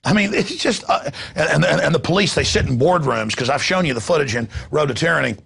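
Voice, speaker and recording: Brief: fiery male talk show host, gravelly and husky, sarcastic ranting delivery. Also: a little high, expressive, brisk, a bit bright. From United States. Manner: ranting, sarcastic, mocking asides. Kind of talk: talk radio rant.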